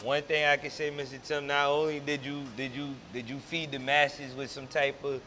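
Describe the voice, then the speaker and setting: A man's voice: on the high side, little pitch movement, normal speed, bright, forceful tone, slight background noise. A man hosting an interview, laid-back and affirming, speaking in casual slang. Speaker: interview host.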